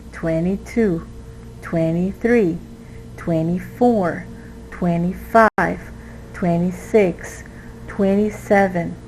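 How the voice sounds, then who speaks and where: Female ESL teacher, Portuguese native speaker, mid-pitched, deliberate patient delivery, faint background noise. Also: rough recording. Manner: slow, patient, stresses syllables when modeling words. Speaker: English teacher. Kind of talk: exam review lesson.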